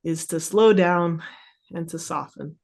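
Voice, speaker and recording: A woman's voice: on the low side, measured pace, gravelly, a little mellow. Chatty woman therapist, casual talk. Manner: chatty, lots of "like", laughs easily. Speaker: therapist guest.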